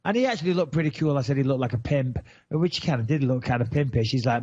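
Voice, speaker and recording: A man's voice: a little high, expressive, fast talker, a little mellow. A man from England, hosting a podcast in brash, boastful, swearing banter. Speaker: podcast host. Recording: dull lo-fi sound.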